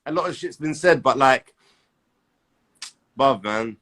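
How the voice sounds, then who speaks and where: A man's voice: mid-range voice, animated, takes it slowly, a bit bright. A man hosting a casual chat, laid-back and placating, full of slang fillers. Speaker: interviewer.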